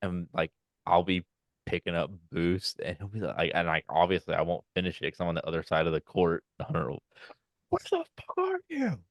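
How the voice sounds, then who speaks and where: A young man co-hosting a casual podcast, telling animated stories and acting out quotes in high loud voices. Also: a little fast, dry recording, studio quality. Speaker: podcast co-host. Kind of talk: casual chat.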